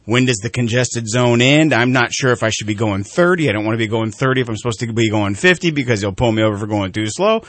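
A man's voice: mid-range voice, quick pace, hardly any pauses, dry recording. A middle-aged man hosting a talk show, telling a casual story and acting out the voices of the people in it. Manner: animated storyteller, acts out quoted voices.

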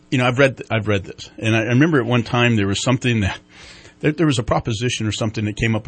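A man hosts a talk program and interviews his guest. He talks in halting bursts, restarting his sentences often, and adds dry, wry asides between his questions. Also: mid-range voice. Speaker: talk show host.

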